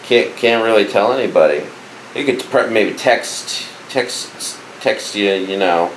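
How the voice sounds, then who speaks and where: A man with a very low voice co-hosts a podcast in casual chat, halting and restarting as he searches for words. His voice rings in a roomy space with a faint hiss behind it. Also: a bit bright. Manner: hesitant, halting, many restarts. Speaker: podcast co-host.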